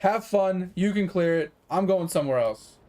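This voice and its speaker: A man's voice: high voice, expressive, normal speed, a little mellow. A young man giving casual gameplay commentary as a streamer, frustrated and swearing while he talks to his chat. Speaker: gaming streamer.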